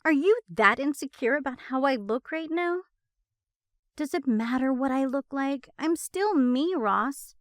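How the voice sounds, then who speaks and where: A woman's voice: high voice, animated, unhurried, no echo, studio quality, pitched above the performer's own voice. A woman voicing a teasing young adult who has just transformed into a man, playful and then pleading. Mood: exasperated.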